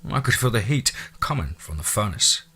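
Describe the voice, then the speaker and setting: A man narrating a first-person story in a measured way, dropping to hushed tones at eerie moments. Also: fairly low pitch, sing-song.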